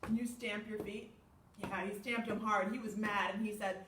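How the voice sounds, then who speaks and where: Speaking at normal speed in a medium pitch, a female children's librarian leads storytime, reading with lively gasps and questions for the kids. The clip is very noisy, captured in an echoey room with the microphone far away.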